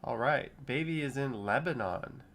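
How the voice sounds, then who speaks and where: A man's voice: medium pitch, moderate pace, vocal fry, fairly bright tone. A man in his thirties hosting a casual livestream, reading viewers' comments aloud and riffing on them. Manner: chatty, reads chat comments aloud and riffs on them. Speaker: streamer reading live chat.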